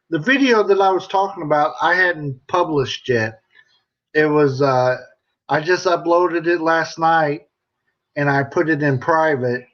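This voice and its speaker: A man's voice: fairly high pitch, highs cut off. A middle-aged American man chatting casually on a live stream, joking and reading viewer comments aloud. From United States.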